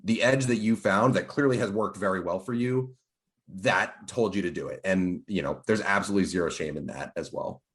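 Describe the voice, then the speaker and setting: A man's voice: sits low, a little fast, a bit bright. A man co-hosting a sports betting podcast, chatting loosely with lots of "like" and "you know". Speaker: podcast co-host. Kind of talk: casual sports betting chat.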